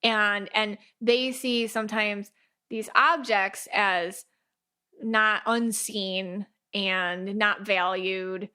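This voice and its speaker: A woman hosting a podcast, talking in a chatty, animated way and acting out little quoted voices. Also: mid-range voice, extremely slow, clean tone. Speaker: podcast host, aura reader. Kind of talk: casual podcast talk.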